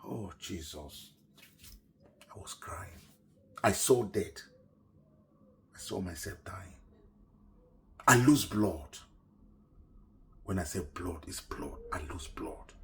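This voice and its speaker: A middle-aged man telling his own story in an earnest, emotional way, often dropping to a hushed voice. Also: deep voice, animated, slow, long pauses, a little hiss or hum. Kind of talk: personal story told to camera.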